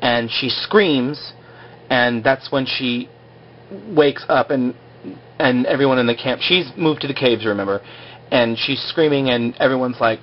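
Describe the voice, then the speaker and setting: A man's voice: mid-range voice, measured pace, slight background noise. A man casually recapping a TV episode in a rambling way, full of fillers, on a slightly dull lo-fi recording. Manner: rambling, full of "like" and "you know".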